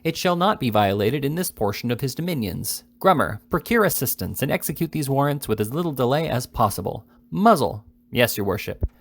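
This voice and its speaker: A man's voice: medium pitch, sing-song, fairly quick, few pauses. A man voicing a pompous, self-important country magistrate in a read-aloud novel, with a lofty delivery.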